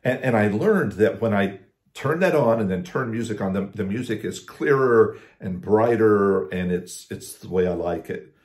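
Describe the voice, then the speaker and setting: A man giving a casual devotional talk as a pastor, conversational, with restarts and slow emphasis on scripture. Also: fairly low pitch, animated, darkish tone, reverberant.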